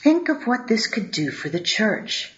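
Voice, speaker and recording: A woman's voice: fairly high pitch, sing-song, a little slow, a bit bright, pitched above the performer's own voice. A woman voicing an earnest, easily awed young man in a narrated story. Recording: dull lo-fi audio.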